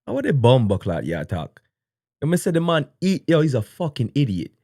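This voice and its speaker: A man's voice: mid-range voice, big pitch swings, brisk, warm tone, dry recording, clean studio sound. A man hosting a livestream, reacting to a clip with incredulous, mocking commentary and many repeated words. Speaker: livestream host reacting to a video.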